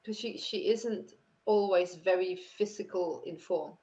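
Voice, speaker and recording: Halting woman game master, muffled sound. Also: fairly low pitch, warm tone. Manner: descriptive, halting with fillers. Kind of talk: narrating a tabletop game. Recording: dull lo-fi sound.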